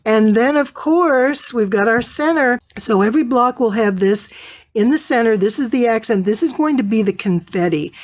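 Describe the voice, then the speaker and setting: A woman's voice: fairly high pitch, animated, normal speed, dry recording. A woman teaching quilting in a casual tutorial, chatting and thinking aloud as she sorts fabric.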